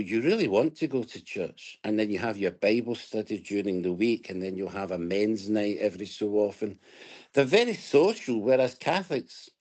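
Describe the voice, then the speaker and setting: Scottish male guest, low-pitched, reflective storyteller, casual interview talk. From Scotland. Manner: reflective, storytelling, hesitant restarts.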